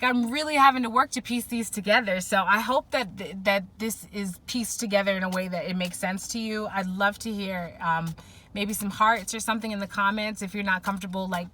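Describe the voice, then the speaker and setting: A woman's voice: medium pitch, bright, forceful tone. A woman giving a spiritual pick-a-pile tarot reading, rambling and emotional as she thinks aloud with many fillers. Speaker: tarot reader.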